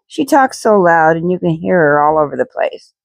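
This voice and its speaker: A woman's voice: deep voice, lively intonation, moderate pace, vocal fry, dry recording. A woman voicing a troubled young girl who sounds earnest and hesitant in a read-aloud storybook. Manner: hesitant, pleading. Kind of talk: storybook reading.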